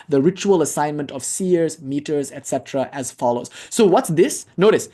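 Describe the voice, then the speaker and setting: A man's voice: on the high side, darkish tone. A man teaching a class on ritual worship, explaining texts in an earnest, casual manner with frequent fillers. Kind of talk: spiritual class lecture.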